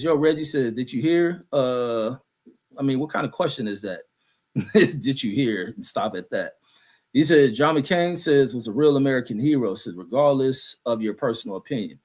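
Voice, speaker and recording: A man hosting a livestream, reading chat comments aloud and answering them in a heated, profane rant full of fillers. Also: mid-range voice.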